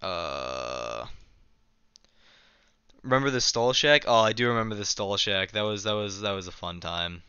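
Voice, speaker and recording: A man's voice: lowish voice, expressive, measured pace, long pauses, pushed and bright, clean tone, dry recording, muffled recording. A young man casually live-streaming a game, chatting and reading his chat aloud with a self-mocking manner, keyboard clicks behind.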